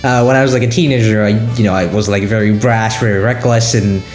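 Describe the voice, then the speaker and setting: A man interviewing his voice cast, hyper and excitable, often stumbling over his words. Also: lowish voice, fast, echoey room, soft background music. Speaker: interviewer and show creator. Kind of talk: casual interview.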